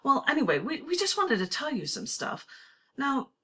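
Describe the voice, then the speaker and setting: A woman's voice: high voice, wildly swooping pitch, normal speed, sharp tone, voice pushed up, exaggerated voice. Woman playing the ghost of a founding father. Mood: chatty. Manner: casual, rambling, folksy. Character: ghost of a founding father, older man, chatty and blunt.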